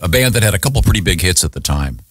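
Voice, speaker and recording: Deep-voiced man telling a halting story. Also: expressive, dry recording, studio quality. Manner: rambling, halting storyteller with many restarts. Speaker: radio show host. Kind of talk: casual morning radio banter.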